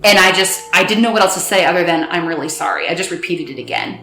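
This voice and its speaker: A young woman recounting a painful personal story in a halting way, acting out bits of dialogue. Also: on the low side, bright, forceful tone, slight background noise. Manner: halting, replays dialogue in quotes. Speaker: guest recounting her story. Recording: roomy echo.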